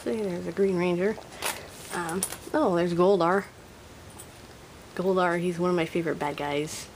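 A woman's voice: on the low side, fairly even intonation, unhurried, pauses often. A woman chatting casually and nostalgically while showing off her old toy collection at home. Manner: chatty and nostalgic, thinking aloud. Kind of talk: casual show-and-tell. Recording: noisy home recording.

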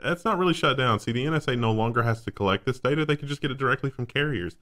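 A man's voice: mid-range voice, expressive, very fast, sharp tone. A man co-hosting a tech news show, casually reading headlines and adding dry, wry remarks.

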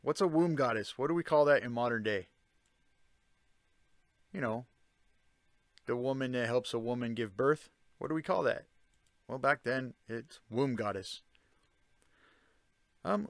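A man's voice: medium pitch, lively intonation, a little slow, long pauses, dry recording, studio quality. A man giving a casual spoken explanation, often checking in with the listener by asking "Okay?" and "Right?". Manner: conversational, with fillers and restarts. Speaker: self-taught commentator on ancient texts.

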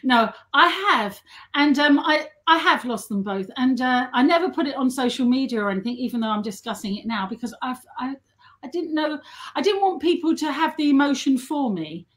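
A middle-aged woman telling self-mocking anecdotes in a casual chat, chatty and quick to laugh. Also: high voice, lively intonation. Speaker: guest and model.

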